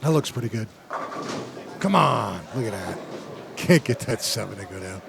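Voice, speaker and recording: A man's voice: on the low side, lively intonation, brisk, gravelly. A man giving casual, jokey play-by-play commentary on a bowling broadcast, laughing often. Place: bowling alley. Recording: noisy bowling alley broadcast. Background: bowling alley noise.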